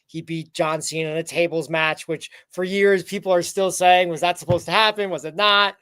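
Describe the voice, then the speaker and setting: A man's voice: sits high, steady tone, moderate pace, fairly bright tone, clean tone, no echo. A man co-hosting a wrestling recap podcast, chatting casually and rambling with frequent restarts. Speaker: podcast co-host.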